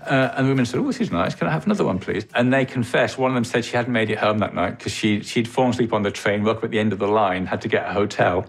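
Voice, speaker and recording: A man's voice: lowish voice, steady tone, quick pace, hardly any pauses. A man in an interview telling an amused backstage story, with many ums and uhs. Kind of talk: reminiscing interview.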